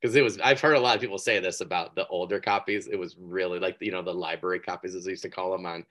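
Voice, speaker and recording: A man with a very low voice hosts a casual interview. He reacts quickly and with upbeat energy, and drifts into rambling personal asides. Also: fairly even intonation, fairly bright tone. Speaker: podcast host.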